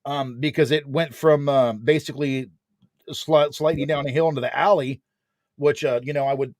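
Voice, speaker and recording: A man in his forties telling a story in a casual chat, animated and slangy, peppering his talk with filler words. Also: medium pitch, normal speed, no echo. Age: 40s.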